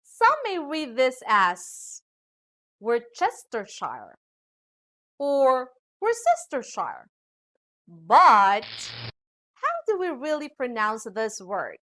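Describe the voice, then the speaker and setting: A woman from the Philippines with a Filipino accent, teaching a scripted English pronunciation lesson to students. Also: sits high. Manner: slow, lively teacherly delivery addressing students.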